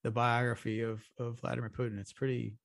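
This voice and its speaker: A man co-hosting a podcast at an average pitch, talking loosely and swearing as he goes. His thoughts stop and restart midway. The sound is dry and close, with no room echo. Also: level tone, fairly quick, creaky. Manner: profane, rambling, with restarts. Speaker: podcast co-host. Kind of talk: casual chat.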